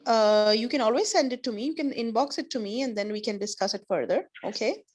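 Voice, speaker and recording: Her voice is a little high with a darkish tone as this woman teaches an online class by video call. Patient and kind, she explains slowly and piles on examples.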